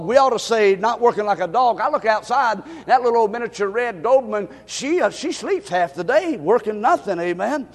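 High-voiced preacher shouting in a hall. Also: male voice. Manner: preaching with repetition, swinging from shouts to hushed tones. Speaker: pastor. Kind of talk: sermon. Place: church sanctuary. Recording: long hall reverb.

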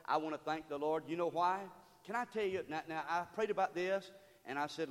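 A pastor preaching a sermon in a church, building from storytelling to loud call-and-response exhortation. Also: male voice, a little high, fairly quick, in a large hall. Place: church sanctuary.

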